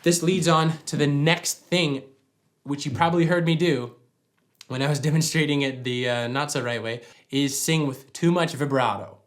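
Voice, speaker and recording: A man's voice: on the high side, moderate pace. A man giving a practical singing lesson at home, explaining each point by demonstrating it. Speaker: vocal coach. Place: at home with a dog nearby.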